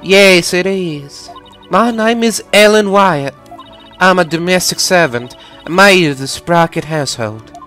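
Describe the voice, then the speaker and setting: A man's voice: sits high, measured pace, pushed and bright, faint music behind. A man voicing a prim, formal young woman maid who speaks very politely. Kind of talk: fan voice-over of a video game.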